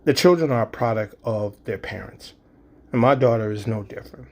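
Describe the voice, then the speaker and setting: A man's voice: fairly low pitch, a little fast, creaky. A man in his fifties telling a spoken-word story, vivid, acting out sounds and quoting dialogue. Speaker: storyteller and poet.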